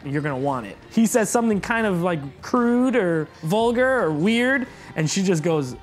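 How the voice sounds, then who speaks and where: A man's voice: high voice, animated, normal speed, few pauses, soft background music. A young man giving a sarcastic, exasperated comedic movie review as the host of his own channel.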